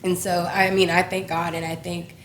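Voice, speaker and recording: A young woman with a slightly low voice talks candidly as an interview guest. She is open and reflective, laughs easily and leans on fillers. Her voice carries a roomy echo. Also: flat delivery, moderate pace, slight background noise. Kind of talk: candid personal conversation.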